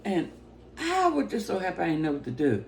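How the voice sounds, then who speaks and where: A woman giving a personal testimony as a story, talking with excitement and breaking into laughter often. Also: fairly low pitch, a little fast, creaky, a little hiss or hum.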